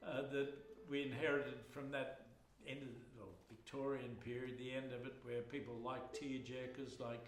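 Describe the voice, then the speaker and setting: A man's voice: mid-range voice, level tone, moderate pace. A man, a folk singer and storyteller, spinning humorous, rambling yarns between songs on a live stage. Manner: rambling, humorous, chatty with fillers. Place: live music hall. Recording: roomy live hall with accordion.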